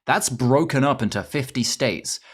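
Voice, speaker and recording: A man's voice: medium pitch, normal speed. A man with an English accent streaming a game, chattering casually in a profane, rambling, ranting way.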